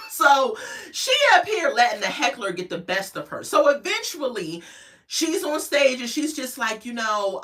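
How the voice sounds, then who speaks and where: A woman speaking gossips through a reality-show recap in a bright, high, very lively voice, with sassy asides and frequent laughter. She sits a little back from the mic. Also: far from the mic. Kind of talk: casual recap chat.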